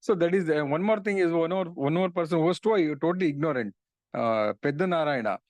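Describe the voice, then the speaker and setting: A middle-aged man speaks in a fairly high voice as he retells devotional stories. His tone is earnest and his delivery loose, full of "you know"s. The sound is dry and close. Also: a little fast, darkish tone, dry recording. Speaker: speaker on religious philosophy. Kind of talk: devotional storytelling talk.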